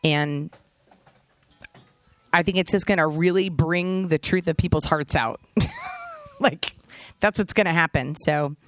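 A woman who directs a faith nonprofit, speaking casually to a church with frequent fillers and lively asides. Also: low voice, a little slow, long pauses, a little hiss or hum. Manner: casual, lots of "like", animated asides. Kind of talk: guest talk to a church. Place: church service.

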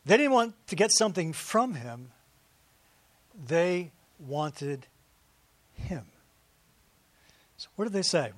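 Man, pastor, conversational sermon, rhetorical questions, fairly high voice, dry close sound. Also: animated, slow, pauses often, dry recording. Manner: chatty, full of rhetorical questions and asides to the congregation.

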